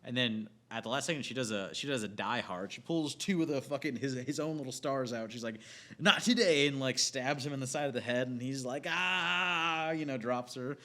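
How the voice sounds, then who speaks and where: A young man in a loose, profane movie rant, his voice sitting at an ordinary middle pitch. He rambles and restarts constantly, stuffing every sentence with filler words as he retells scenes and breaks briefly into acted quotes. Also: brisk, few pauses, fairly bright tone. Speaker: movie reviewer.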